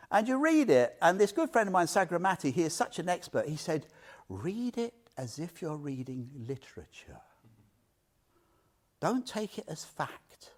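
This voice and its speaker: A man giving an informal Buddhist talk to a small group, telling stories with questions and laughter. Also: on the high side. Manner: animated storyteller, asks listeners questions, laughs often. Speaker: Buddhist teacher.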